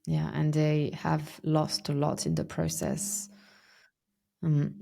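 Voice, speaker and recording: A woman hosting a podcast, asking questions in a warm, conversational way. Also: low voice, very animated, slow, vocal fry. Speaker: podcast host. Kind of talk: podcast interview.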